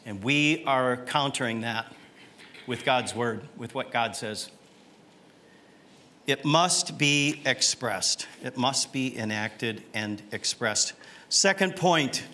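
A middle-aged man preaching from the pulpit, slow and deliberate in pace. His voice is bright and forceful. He keeps putting questions to the congregation and tags his points with a quick "right?". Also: medium pitch, slight background noise. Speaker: pastor. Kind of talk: sermon.

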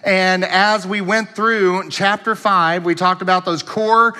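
A man's voice: high voice, steady tone, slow pace, sharp tone, big-room sound. A man, preaching a sermon as pastor, telling folksy stories and chuckling often. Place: church sanctuary.

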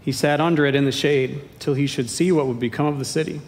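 Pastor who preaches with light, self-deprecating jokes, recorded in a reverberant church hall with a low rumble. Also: male voice, steady tone, fast. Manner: playful, self-deprecating humor. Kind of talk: sermon. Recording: echoey hall with faint rumble.

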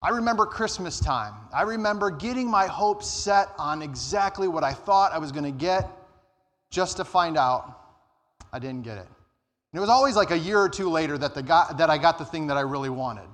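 A man preaching a sermon as pastor, earnest, rising and slowing down to stress his points. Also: animated, a bit bright. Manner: earnest, rises in pitch and slows down for emphasis. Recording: church hall reverb.

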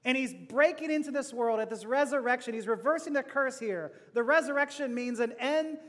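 High-pitched guy preaching in a church, jokey, lots of laughs, big reverby hall. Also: fairly quick. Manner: playful, laughing asides, swings from loud to hushed. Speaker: pastor. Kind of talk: sermon.

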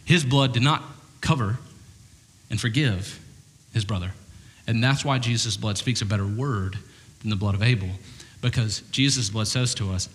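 A man pastor preaching a sermon to a congregation in an animated, conversational way, with jokey asides. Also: on the low side, moderate pace, big-room sound. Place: church hall with congregation.

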